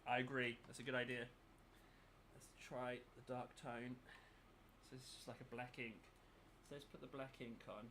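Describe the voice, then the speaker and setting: Muttering and thinking aloud as he paints, a man chats casually for his miniature painting channel. He speaks at a moderate pace in a medium-pitched voice that barely moves in pitch, over some background noise.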